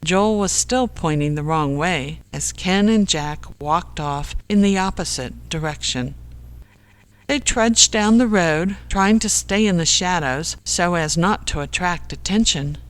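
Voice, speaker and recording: A slow, measured storyteller reads a comic novel aloud. The delivery is unhurried and steady, at a middling pitch, with each phrase given room. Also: smooth. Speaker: audiobook narrator. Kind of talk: scripted narration.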